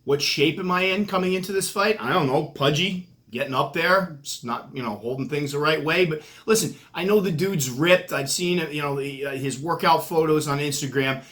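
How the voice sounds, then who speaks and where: A middle-aged man with a New England accent keeps tarantulas and hosts his own channel, joking and trash-talking himself in a casual vlog framed as a mock fight interview. His voice is on the high side and a bit bright, at a moderate pace with hardly any pauses.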